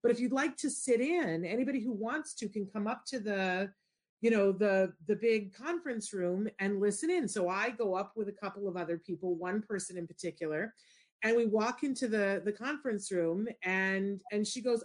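A middle-aged woman hosting a show, telling a story in casual chat and acting out the people in it. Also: normal speed. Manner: expressive, shifts into high excited squeals when retelling. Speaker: show host.

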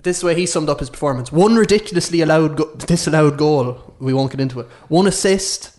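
Blunt football pundit. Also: male voice, on the high side, fast talker, a little mellow. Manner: confident, reels off stats with blunt banter. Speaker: podcast panelist. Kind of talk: casual football podcast chat.

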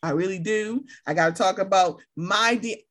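Animated woman giving playful shout-outs. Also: mid-range voice, moderate pace. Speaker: podcast guest. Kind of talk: casual chat.

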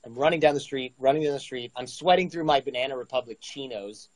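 A man's voice: medium pitch, quick pace, no echo, low-quality recording. A man in his forties casually telling a story, acting out the dialogue with energy. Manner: animated, acts out dialogue. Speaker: guest storyteller.

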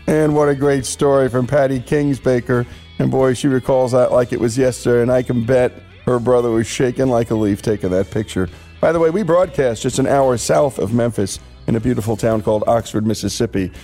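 A man's voice: medium pitch, steady tone, a little fast, warm tone, faint music behind. A man hosting a radio show, presenting in an earnest, scripted way.

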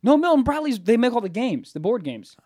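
High-voiced man cracking crude jokes. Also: big pitch swings, fairly quick, darkish tone, no room sound, studio quality. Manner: blunt, crude wisecracks. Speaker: podcast co-host. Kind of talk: casual comedic chat.

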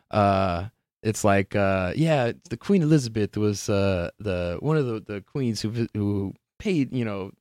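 A man's voice: lowish voice, dry recording, studio quality. A man hosting a live-streamed podcast in a loose, rambling way, laughing often and swearing casually.

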